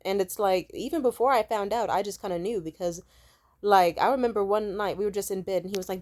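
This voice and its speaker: A woman's voice: medium pitch, brisk, darkish tone. A woman vlogger telling a casual storytime rant, emphatic and rambling, full of swearing.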